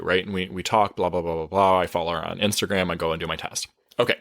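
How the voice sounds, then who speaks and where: A man coaching his listeners through a casual story. He speaks in a slightly low voice, is chatty and expressive, and often stops to correct himself. The recording is dry and close, with no room sound. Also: fast, vocal fry, dry recording. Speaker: life coach.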